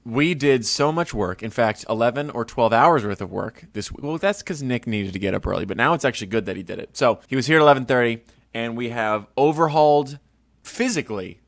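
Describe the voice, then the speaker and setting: A man's voice: mid-range voice, vocal fry, fairly bright tone, no room sound. A young man hosting a podcast from his home studio, telling rambling stories with crude, self-mocking jokes. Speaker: podcast host. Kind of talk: casual rambling monologue.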